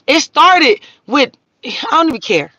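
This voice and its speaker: A woman's voice: sits high, sing-song, unhurried, bright, forceful tone, no echo. A woman, hosting a live stream and ranting profanely at her viewers. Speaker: livestream host.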